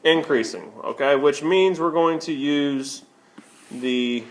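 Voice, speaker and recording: A man's voice: fairly high pitch, takes it slowly, background noise. A male math teacher talking through a screencast lesson, asking questions and answering them himself, with many okays. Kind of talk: screencast lesson explaining on a tablet.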